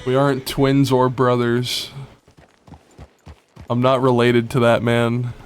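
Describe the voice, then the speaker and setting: A man's voice: mid-range voice, completely flat delivery, slow, soft background music. A man with a Southern American accent chatting casually with his stream chat, rambling and restarting his sentences. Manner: rambling, laid-back, restarts often.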